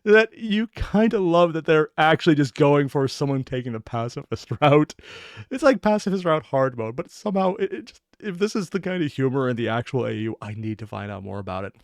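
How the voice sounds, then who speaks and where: A man hosting a reaction video, giving casual commentary in an excited, laugh-prone way. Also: on the high side, a little fast, no echo, studio quality. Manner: animated, laughs often, excited.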